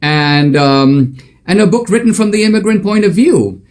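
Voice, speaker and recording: A man's voice: high voice, lively intonation, moderate pace, darkish tone. A male author and commentator telling a story in an emphatic, conversational monologue with frequent fillers.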